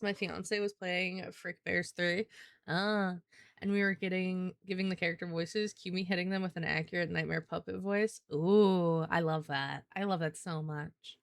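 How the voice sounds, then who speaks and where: A woman's voice: fairly low pitch, vocal fry, fairly bright tone, dry recording, studio quality. A young woman streaming live, chatting casually with her viewers while she works. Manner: chatty, demonstrates voices.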